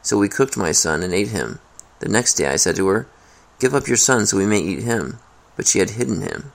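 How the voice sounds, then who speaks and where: A desperate, starving woman speaks in a Bible reading, with a man reading her lines. The voice is deep and gravelly, and the delivery stays plain. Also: animated, a little fast. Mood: grim.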